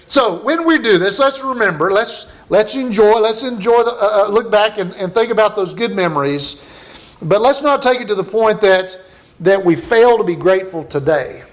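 A pastor preaching a conversational sermon and reading scripture passages aloud to his congregation. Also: high voice.

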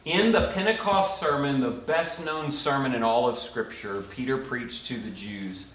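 Middle-aged male preacher, mid pitch, animated, swings from quiet to loud, roomy echo. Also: normal speed, slight background noise. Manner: animated, swings from hushed to loud when voicing imagined speakers. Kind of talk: sermon.

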